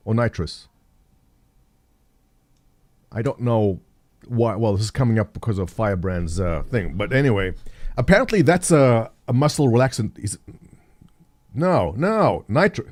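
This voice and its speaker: Chatting jokily with his live stream audience, a middle-aged man speaks at medium pitch with an animated, darkish voice, at normal speed and with frequent pauses. He rambles, thinks aloud, and reads the chat.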